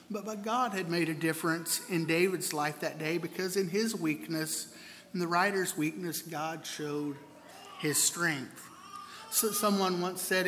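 A man's voice: on the high side, pushed and bright. A man preaching a sermon in an earnest way, often repeating the first words of a phrase as he tells stories. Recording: long hall reverb, faint room noise.

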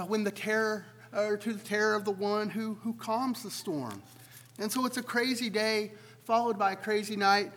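A man with a high voice preaches a sermon, speaking conversationally and asking his listeners question after question. His voice rings out with a long reverb in a large church sanctuary. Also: a bit bright. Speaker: pastor.

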